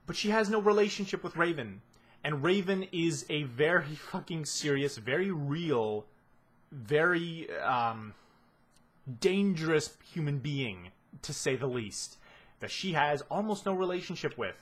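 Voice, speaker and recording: A husky man with a somewhat high voice rants through a show analysis. He sounds exasperated and swears freely, pushing his points hard. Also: expressive, measured pace, fairly bright tone. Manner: exasperated ranting, heavy swearing. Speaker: video commentator.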